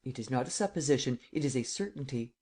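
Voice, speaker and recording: A man voicing a confident gentleman thief who answers gravely and with quiet assurance, in an audiobook. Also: mid-range voice, expressive, fast. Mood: poised. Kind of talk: audiobook character reading.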